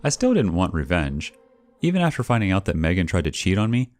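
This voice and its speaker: Deep-voiced man narrating with lively inflection. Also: fairly quick, dry recording. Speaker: story narrator. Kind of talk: first-person story reading. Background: faint background music.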